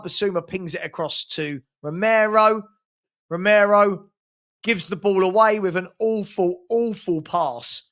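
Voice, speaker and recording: A man's voice: high-pitched, a bit bright. A man from hosting a live fan watchalong, calling a match with sarcastic exasperation and rueful laughter.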